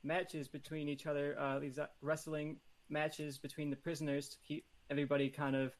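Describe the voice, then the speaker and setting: A man pitching a movie idea on a casual podcast, playful and competitive, rambling through his ideas. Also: monotone, fairly quick. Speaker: podcast panelist. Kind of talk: casual chat.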